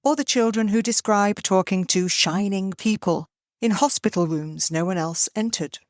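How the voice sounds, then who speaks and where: Older woman telling a lively story. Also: medium pitch, no echo, studio quality. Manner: lively storyteller, acts out quoted voices. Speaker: podcast host. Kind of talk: storytelling monologue.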